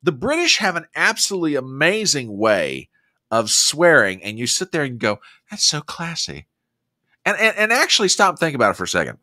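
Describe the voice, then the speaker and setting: An American man hosts a casual livestream and reads viewer comments aloud with effusive enthusiasm. His pitch swings a lot and his tone is bright and forceful. The sound is dry and close. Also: very animated, a little fast, dry recording. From United States. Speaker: livestream host.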